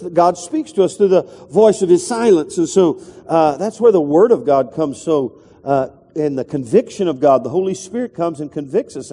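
High-voiced pastor preaching in a reverberant hall. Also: male voice, mellow. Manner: conversational, rambling with restarts and asides. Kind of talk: sermon.

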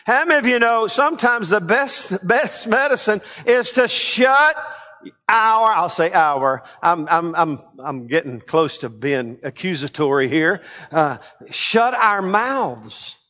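A male pastor preaching a sermon, leading the congregation in call-and-response and swinging between loud emphatic lines and quiet asides. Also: high voice, very animated, slow. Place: church sanctuary. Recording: long hall reverb.

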